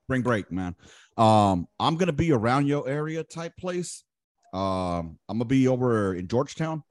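A man's voice: medium pitch, big pitch swings, moderate pace, a little mellow, no room sound, clean studio sound. Blunt, profane male podcast host. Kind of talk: casual chat.

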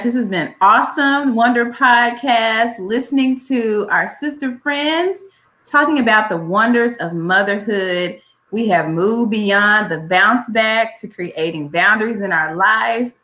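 A woman hosts a podcast and speaks in a bright, forward voice. She closes the episode with encouraging advice. The room around her rings with a noticeable echo. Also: medium pitch, slow pace. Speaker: podcast host. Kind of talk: casual podcast chat. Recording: roomy echo.

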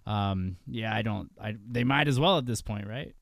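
A man's voice: on the low side, moderate pace, gravelly, no room sound, studio quality. A man hosting a casual podcast chat, loose and profane, laughing often and restarting his sentences. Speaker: podcast host.

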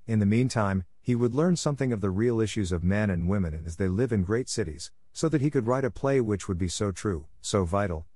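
A man narrating a classic novel in even, unhurried storytelling. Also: lowish voice, dry recording, studio quality. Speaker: audiobook narrator. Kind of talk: scripted narration.

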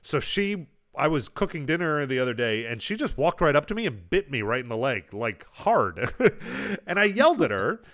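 A man's voice: medium pitch, moderate pace. A man in his thirties co-hosting a casual podcast, telling family stories with energy and acting out the dialogue. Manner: animated storyteller, acts out family dialogue. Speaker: podcast co-host.

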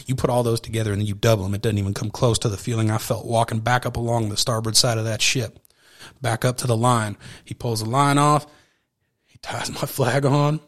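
A man hosting a podcast, telling a personal story in a casual, animated way, with occasional swearing and acted-out dialogue. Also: medium pitch, a little fast. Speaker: podcast host.

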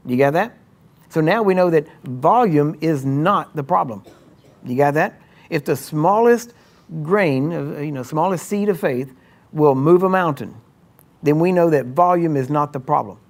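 A man's voice: fairly high pitch, unhurried. A man pastor preaching a sermon emphatically, often checking in with his listeners. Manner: emphatic, checks in with frequent questions.

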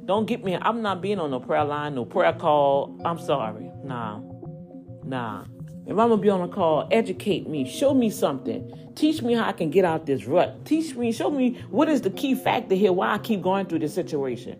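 A woman hosting a podcast, preaching in a casual way to listeners she calls y'all. She swoops up high when she gets fired up and drops low and quiet for asides. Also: sing-song, normal speed, over music. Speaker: podcast host.

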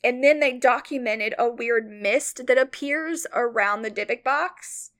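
Bright-voiced woman telling a story. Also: on the high side, a little slow. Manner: rambling, full of "like" fillers; animated, mock-outraged retelling. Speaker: podcast co-host. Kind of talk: casual storytelling chat.

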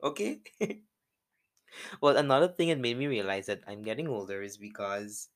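A young man with a Guyanese accent, hosting a podcast and telling a personal story in a casual way, laughing often. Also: moderate pace. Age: young adult. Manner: animated, laughs often, jumps into high voices when quoting people. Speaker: podcast host.

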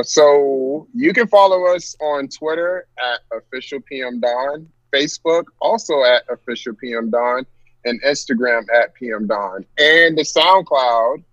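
A man's voice: mid-range voice, measured pace, fairly bright tone, no echo, muffled recording. A man guest on an interview, speaking in a dry, teasing way. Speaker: musician guest. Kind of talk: casual interview chat.

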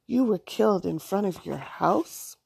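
Woman doing an eager young schoolgirl, storybook reading, quick questions, gravelly, dark tone. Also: medium pitch, expressive, full character voice. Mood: curious.

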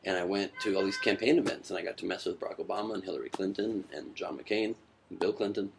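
A deadpan man in his thirties talks casually as a comedian guest. His voice is very deep, with a gravelly rasp. Faint noise sits under the room. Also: fast, poor audio. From United States. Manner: dry, deadpan joking. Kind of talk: casual chat.

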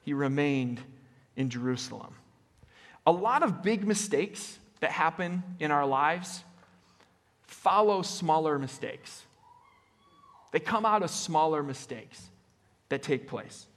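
A man preaching a conversational sermon as pastor, often checking in with the congregation with a quick "right?" and restarting his phrases. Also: fairly high pitch, animated. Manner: casual, with frequent "right?" tag questions and restarts. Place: church sanctuary. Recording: long reverb of a church hall.

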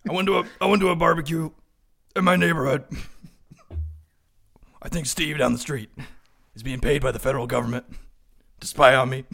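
A jittery, paranoid man, as a man puts him on, bellowing warnings at everyone around him. He shouts high and loud, fast and frantic. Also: steady tone, creaky. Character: agitated paranoid man yelling about his neighbors.

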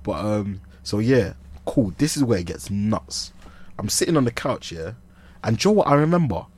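Lively young man telling a story. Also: fairly low pitch, moderate pace, breathy edge. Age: young adult. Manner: animated, slangy, laughs through his story. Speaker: podcast co-host. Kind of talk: comedic storytelling.

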